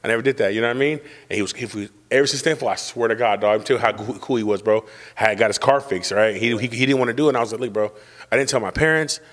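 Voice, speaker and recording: A man's voice: mid-range voice, very fast, fairly bright tone, long reverb tail. A young man hosting a casual chat, telling a boastful, profane, slang-heavy story. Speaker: podcast host telling a story.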